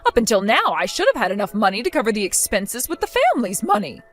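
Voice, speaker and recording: A woman voicing a spiteful older mother-in-law who insults and orders her daughter-in-law around, in an animated story drama. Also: medium pitch, fast talker, soft background music. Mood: demanding. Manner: insulting, accusing, domineering.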